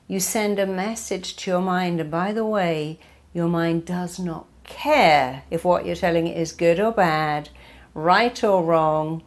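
Emphatic woman therapist with a lowish voice. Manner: emphatic, driving home points with repeated lists. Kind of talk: motivational talk.

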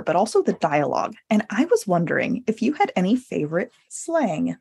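A woman's voice: mid-range voice, very animated, fairly quick, gravelly, hardly any pauses, darkish tone, husky, soft background music. A woman hosting a book podcast, enthusiastic and giggly as she asks the author about the novel. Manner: friendly, giggly, enthusiastic reader. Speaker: podcast host. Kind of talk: casual podcast interview.

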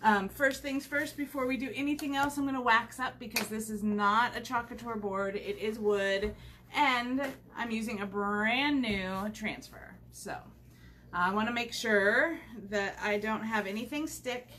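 On a livestream recorded at home through the camera mic, a woman chats casually while demonstrating a craft. Her voice is a little high and somewhat bright, her pace unhurried, and she rambles with plenty of fillers over a slight hiss or hum.

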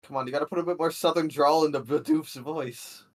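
A man's voice: fairly high pitch, fairly even intonation, fairly quick. A man co-hosting a game playthrough, chiming in with teasing, laughing remarks. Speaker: co-host. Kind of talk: casual gameplay commentary.

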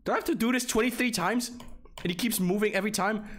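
A man's voice: high-pitched, fast talker, fairly bright tone. A young man streaming live, flustered and swearing as he reads game text aloud. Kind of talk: live gameplay commentary.

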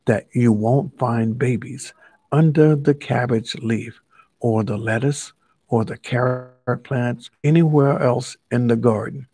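A man's voice: medium pitch, steady tone, takes it slowly, dark tone, breathy edge, no room sound. A man reading a children's story aloud as a Bible study teacher, playfully stopping to ask the listener questions.

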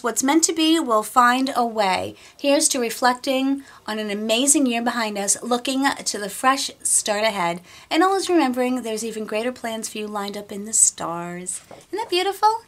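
A middle-aged woman vlogging casually as she unboxes a beauty box, chatty, excitable and rambling. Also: fairly high pitch.

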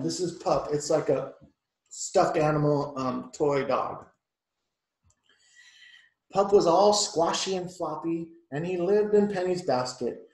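A man's voice: a little high, darkish tone, echoey room, poor audio. Chatty male teacher reading a storybook. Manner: chatty, explains the pictures, asks the kids questions. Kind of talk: reading a picture book aloud to children.

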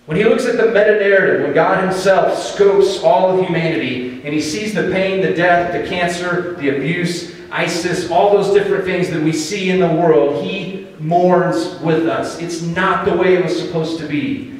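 Echoey American pastor preaching in a hall. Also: male voice, high-pitched. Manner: conversational, animated storytelling with dramatic pauses. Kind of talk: sermon. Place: church sanctuary. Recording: echoey hall, distant mic.

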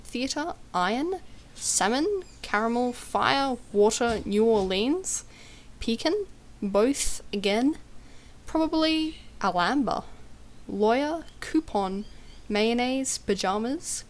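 A woman's voice: a little high, lively intonation, slow pace. A teenage girl from Australia with an Australian accent, chatting casually and hesitantly with lots of ums and giggles. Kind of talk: casual vlog.

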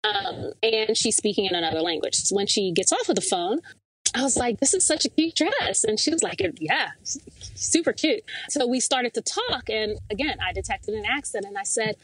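A woman from the American South, a podcast interview guest, telling a personal story with lively acted-out dialogue. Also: mid-range voice, moderate pace, breathy edge, no echo, poor audio. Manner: animated storyteller, acts out quoted dialogue.

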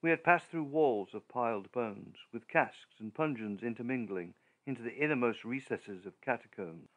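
Man, audiobook narrator, mid pitch, measured, deliberate storytelling. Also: animated, muffled recording.

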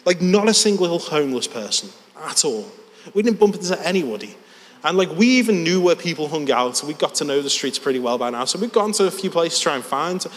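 A man's voice: on the high side, lively intonation, a little fast. A man preaching a sermon in a church hall, telling a story in a conversational, self-deprecating way. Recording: long church reverb.

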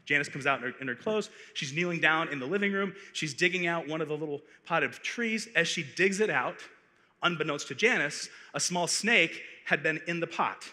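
A man from Arizona, a conference speaker, telling a funny story in a playful, animated way, on a stage microphone in a large hall. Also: fairly high pitch. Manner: animated, playful, building comic tension. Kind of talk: comic storytelling talk. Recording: echoey hall reverb.

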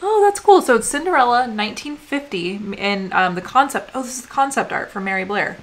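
A woman's voice: mid-range voice, fairly quick, fairly bright tone. A woman in her thirties from the United States, co-hosting a vlog and chatting casually while reading viewer mail with lots of "um"s. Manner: chatty, rambling, often says "um". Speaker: vlog co-host.

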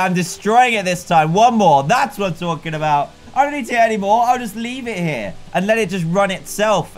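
High-voiced, excitable gaming commentator. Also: male voice. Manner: excitable, laughing, talks to himself about the game. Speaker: gaming YouTuber. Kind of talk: let's play commentary.

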